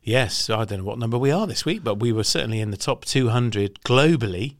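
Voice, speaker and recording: A man's voice: mid-range voice, expressive, a little fast, no echo, studio quality. A man co-hosting a podcast, chatting casually, laughing often and explaining products. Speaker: podcast co-host.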